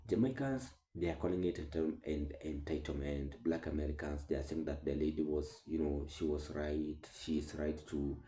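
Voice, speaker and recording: A man hosting a commentary channel, talking through online clips with halting speech, many fillers and restarts. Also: rumbling low, mellow, reverberant, rough recording.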